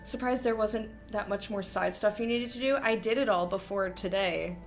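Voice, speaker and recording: A young woman streaming a game, chatting casually and excitably, often giggling. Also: mid-range voice, moderate pace, soft background music. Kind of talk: casual gameplay commentary.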